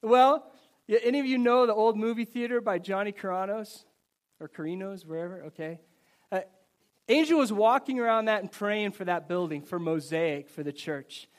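A man preaching a sermon to his congregation in a church service, telling personal stories in a lively, conversational way. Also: high voice, normal speed. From United States. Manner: conversational, animated storytelling preacher. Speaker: pastor.

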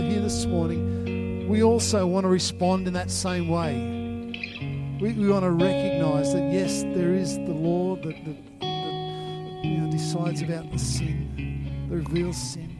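A man preaches to a church congregation and leads a closing prayer, his slightly high voice repeating short phrases with earnest conviction. His delivery builds into fervent declarations, and loud guitar music plays behind him throughout. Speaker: pastor. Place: church service.

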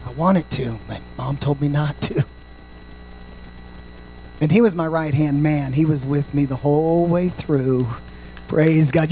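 Gravelly man preaching with shouted swells. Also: on the high side, measured pace, long pauses, a little hiss or hum, poor audio. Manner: swings from shouted, sing-song preaching to quiet, confiding storytelling; peppers speech with "amen" and "praise God". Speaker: pastor. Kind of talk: sermon.

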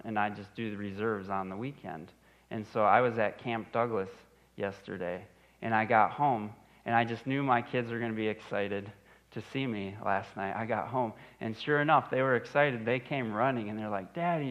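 Pastor, male, thirties, earnest sermon delivery, repeats lines, somewhat low, dull recording. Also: normal speed. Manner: earnest, repeats phrases for emphasis.

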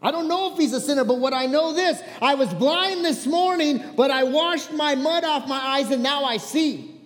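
A man's voice: extremely high pitch, normal speed, fairly bright tone, big-room sound, pitched above the performer's own voice. A man voicing a formerly blind grown man who stands up to the leaders, insistent and exasperated.

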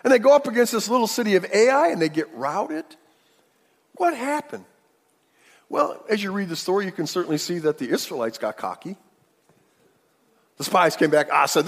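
A man preaching a sermon, acting out the quotes dramatically with big swings between loud and hushed. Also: sits high, big pitch swings, normal speed, creaky, pauses often. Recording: long hall reverb.

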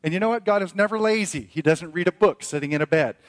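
A middle-aged man preaching a sermon as pastor, his voice sitting a little high for a man. He tells a story at length, starting in quiet reflection and building to emphatic preaching. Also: fast talker.

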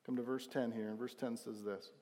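Earnest young preacher in echoey church. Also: male voice, mid-range voice, flat delivery, brisk, warm tone, slight background noise. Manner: earnest, emphatic, with restarts. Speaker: pastor. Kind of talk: sermon.

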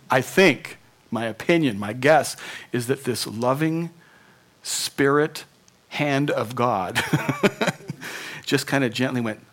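A male pastor giving an animated sermon, laughing often and sinking to near whispers at times. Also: medium pitch, slow, long pauses.

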